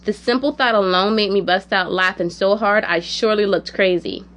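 A woman narrating a personal story in the first person, in a quiet, measured, reflective way. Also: mid-range voice.

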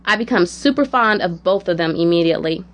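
A woman narrating a personal story in the first person, in a quiet, measured, reflective way. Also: lowish voice, animated.

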